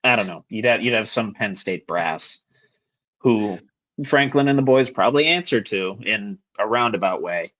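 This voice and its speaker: A man's voice: fairly low pitch, lively intonation, moderate pace, bright, forceful tone, dull audio. A young man co-hosting a sports podcast, bluntly breaking down a football game in casual chat. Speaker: podcast co-host.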